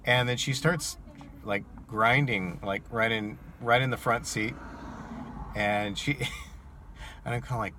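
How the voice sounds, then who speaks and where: Bright-voiced man telling a rideshare story. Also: lowish voice, slow pace, long pauses, a little hiss or hum. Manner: animated, incredulous retelling. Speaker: rideshare driver. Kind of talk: casual storytelling vlog.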